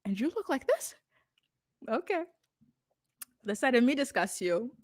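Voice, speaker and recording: Young woman streaming a show recap, kinda high voice, dry close sound, keeps giggling and gasping at her chat. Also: sing-song, measured pace, no room sound. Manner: chatty, giggly, dramatic asides to viewers. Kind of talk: casual livestream commentary.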